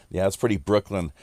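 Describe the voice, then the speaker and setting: Low-voiced rambling male podcast host. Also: a little mellow. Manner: rambling, filler-heavy, deliberate. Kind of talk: casual round-table chat.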